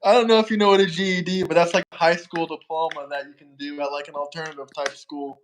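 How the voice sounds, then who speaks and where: A man's voice: a little high, fairly even intonation, fast talker, a little hiss or hum. A man from Florida hosting a livestream, easygoing and urging the chat to send in questions. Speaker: livestream host.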